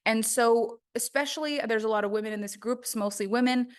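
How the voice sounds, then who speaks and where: A woman's voice: on the high side, fairly quick. A woman teaching a course on the voice in a casual, chatty way, full of "like" fillers. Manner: chatty, conversational, many "like" fillers.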